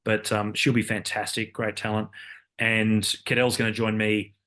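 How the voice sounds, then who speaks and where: A fairly low-pitched man in his fifties, telling stories as an interview guest. He rambles, circles back and fills gaps with "um" and "you know" as he works toward his point. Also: little pitch movement, moderate pace, a bit bright. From Australia. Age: 50s. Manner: rambling, with many fillers and repeated starts. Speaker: guest, Olympic cyclist and commentator. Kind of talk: casual interview conversation.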